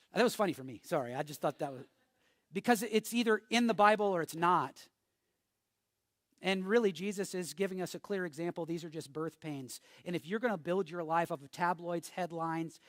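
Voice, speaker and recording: A man's voice: high voice, a bit bright, dry recording, clean studio sound. A man preaching a sermon as pastor, joking with the congregation and building to emphatic, repeated warnings. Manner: jokey, emphatic preaching with call-and-response.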